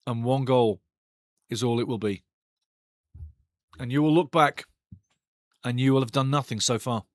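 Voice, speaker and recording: Excitable, foul-mouthed male football watch-along host. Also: medium pitch, a little slow, no echo, clean studio sound. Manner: excitable, blunt and foul-mouthed, swearing freely; bursts louder at big chances. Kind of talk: casual live football commentary and chat reading.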